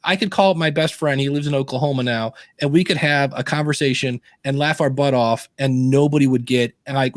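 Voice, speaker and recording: A man's voice: a little high, dry recording, clean studio sound. A man on a podcast panel, chatting casually and acting out quotes as he tells stories. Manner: animated storyteller, acts out quotes.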